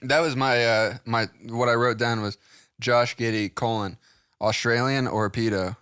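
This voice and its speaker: A man's voice: mid-range voice, fairly even intonation, a little slow, fairly bright tone, clean tone, no echo. A young man co-hosting a podcast in casual chat, dropping dry, joking asides. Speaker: podcast co-host.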